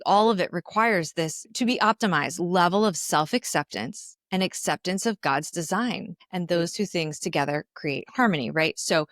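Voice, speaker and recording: A woman's voice: deep voice, a bit bright, dry recording, clean studio sound. A woman who is a podcast guest, talking earnestly in casual conversation and often checking in with her listener. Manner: earnest, keeps checking in with "right?".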